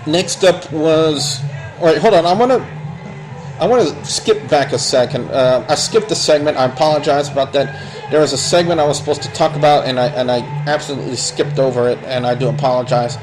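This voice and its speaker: A man's voice: on the high side, a little fast, music in the background, poor audio. Blunt, rambling male wrestling reviewer. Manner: blunt, opinionated, rambling with restarts. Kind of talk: casual spoken review.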